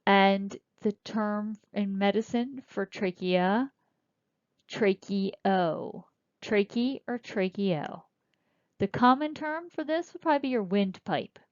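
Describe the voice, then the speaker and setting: A woman teaching a recorded lecture, explaining slowly and spelling out terms as she points. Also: medium pitch, no echo. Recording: dull lo-fi dry recording.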